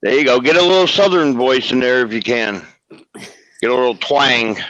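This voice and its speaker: A man's voice: mid-range voice, moderate pace, a bit bright, no room sound. Encouraging man on a dull, dry mic. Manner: coaching, encouraging. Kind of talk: casual live-stream chat.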